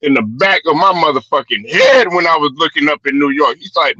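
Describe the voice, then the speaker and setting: A man's voice: a little high, fairly quick, bright, forceful tone, slightly rough. A man hosting a casual sports chat show, rambling loosely and swearing freely. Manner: loose, profane, rambling storytelling. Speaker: podcast host. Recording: dull lo-fi stream audio.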